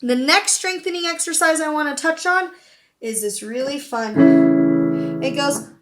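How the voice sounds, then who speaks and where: High-voiced woman teaching singing over piano. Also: a little slow. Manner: encouraging, checks in with "okay?" often. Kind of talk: online singing lesson with vocal demonstrations. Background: piano accompaniment.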